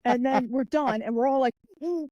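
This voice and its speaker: A woman being interviewed on a podcast, telling anecdotes in a lively, animated way and acting out the voices of the people in them. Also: high-pitched, moderate pace, no room sound, lo-fi sound. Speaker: guest, author and martial artist.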